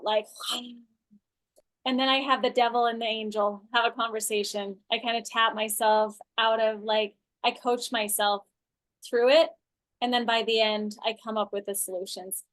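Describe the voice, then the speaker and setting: A woman leading an online coaching class for a group, talking loosely and casually, with lots of filler words and sentences she restarts partway through. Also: fairly high pitch. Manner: loose and chatty, full of "like" and "um", restarts mid-sentence. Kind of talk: casual teaching talk to a group. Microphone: video call.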